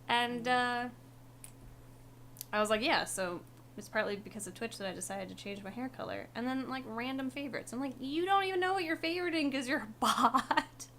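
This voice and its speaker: A woman with a slightly high voice chats casually on a livestream. She laughs often and restarts sentences as she goes, with a faint hiss of noise underneath. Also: moderate pace, fairly bright tone. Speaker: livestream co-host. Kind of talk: casual chat.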